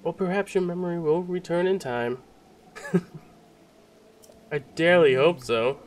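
A man's voice: fairly high pitch, slow, a little hiss or hum, pitched above the performer's own voice. A man putting on a grand old fish-folk king. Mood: pleading. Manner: grand, theatrical line reading. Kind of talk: reading game dialogue aloud.

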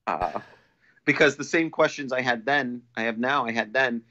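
A man talking as a podcast guest in a casual, rambling way, restarting often and getting animated when he quotes people. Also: medium pitch, moderate pace. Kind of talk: casual storytelling. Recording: dull lo-fi audio.

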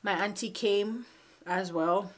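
A woman in her twenties telling a personal story in a vlog, halting and emotional, fighting back tears. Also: medium pitch. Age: 20s. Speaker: vlogger. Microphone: phone camera.

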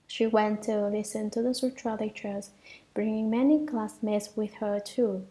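A woman reading a Buddhist sutra commentary aloud in a measured way, at times half-whispered, with small restarts. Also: mid-range voice, fairly even intonation, warm tone, poor audio.

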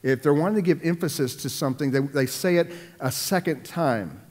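Man, pastor, sermon, repeats himself for emphasis, loud then hushed, echoing hall. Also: fairly high pitch, brisk.

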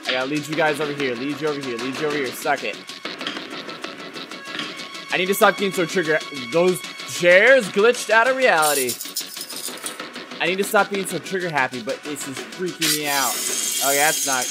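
A man commentating his own gameplay, excitable and muttering to himself as he plays. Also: fairly high pitch, moderate pace, pauses often, over music. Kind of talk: let's play commentary.

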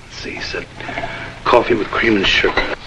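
A man's voice: fairly low pitch, steady tone, moderate pace, noisy background, natural voice. An actor playing a confused, defensive counterman in a 1970s TV sitcom, hesitating over orders. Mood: muddled. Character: muddled touchy middle-aged counterman.

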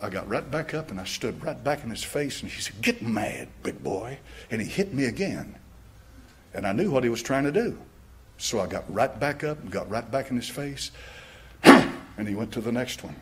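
A man's voice: medium pitch, lively intonation, normal speed, slightly rough. An older American man, a pastor, preaching a sermon with stories and fervent questions. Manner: storytelling, rising to fervent questions, laughing at own stories.

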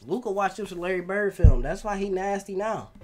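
A man hosting a basketball reaction video, excitable and full of slang, always asking if you know what he means. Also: sits high, moderate pace, music in the background. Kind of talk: casual reaction commentary.

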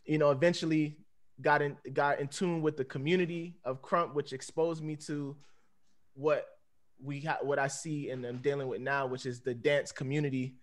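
A relaxed man in his thirties speaks in a voice pitched a little high for a man. His talk rambles loosely, full of fillers, and he laughs easily as he goes. He sounds like he is on a video call. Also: moderate pace. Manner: laid-back, rambling, peppered with "you know what I'm saying"; laughs often while talking. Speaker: dancer on a panel. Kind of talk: casual panel talk.

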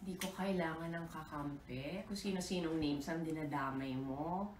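A woman's voice: low voice, normal speed, darkish tone, echoey room, far from the mic, slight background noise. A middle-aged woman with a Filipino accent, switching languages mid-sentence as she talks straight and combatively on a live social media stream. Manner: code-switching, direct and confrontational. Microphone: phone.

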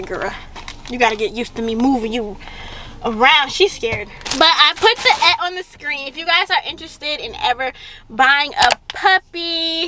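A woman's voice: sits high, pushed and bright, a little hiss or hum. A young woman vlogging casually, chatting to her viewers and baby-talking to her new puppy in a car. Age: young adult. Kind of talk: casual vlog chat.

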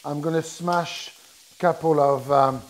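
A man's voice: fairly high pitch, steady tone, a little slow, low-quality recording. A middle-aged man with a French accent, a chef giving a chatty live cooking demo and explaining step by step with many restarts. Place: kitchen with food sizzling. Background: frying sizzle.

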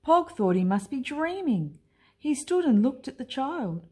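A woman teacher reading a children's picture book aloud in an expressive, unhurried way. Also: high-pitched, breathy edge. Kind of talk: storybook read-aloud.

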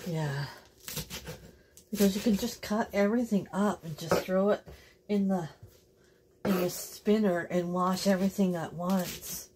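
Woman, casual vlog host, chatty, talks to viewers, middle pitch, noisy home video recording. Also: unhurried, pauses often. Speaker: vlogger. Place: family cottage.

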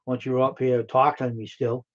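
A man's voice: medium pitch, flat delivery, normal speed. A man hosting a live stream, chatting casually with viewers in a rambling, friendly way full of fillers and repeats. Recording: dull lo-fi stream audio.

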